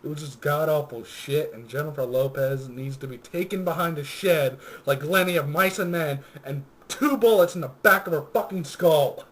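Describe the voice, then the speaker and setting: A man's voice: a little high, normal speed, hardly any pauses, poor audio. A young man co-hosting a casual movie-ranking chat, ranting with profanity and frequent laughter. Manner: profane, laughing, animated rants. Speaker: co-host of a movie review show.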